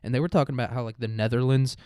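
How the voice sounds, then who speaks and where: A man's voice: medium pitch, steady tone, racing, darkish tone, clear, resonant tone, no echo. A man rambling through a crude, profane comedic monologue, full of "like" and "dude". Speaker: podcast host.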